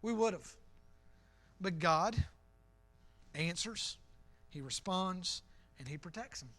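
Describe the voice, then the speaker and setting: Earnest high-voiced male preacher. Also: expressive, slow pace, a bit bright. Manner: earnest, conversational preaching with repeated phrases. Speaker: pastor. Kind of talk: sermon. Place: church.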